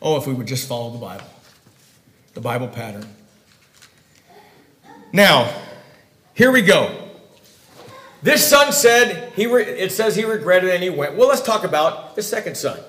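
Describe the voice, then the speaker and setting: A man preaching a sermon, emphatic, swinging between loud declarations and quiet, confiding asides. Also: sits high, very animated, measured pace, long pauses, roomy sound.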